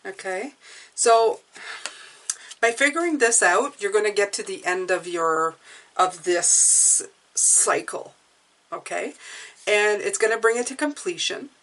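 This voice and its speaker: A woman's voice: medium pitch, animated, slow, pauses often, a bit bright. A woman giving a casual spoken tarot reading, chatty and reassuring, often restarting phrases and checking in with "okay?". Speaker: tarot reader.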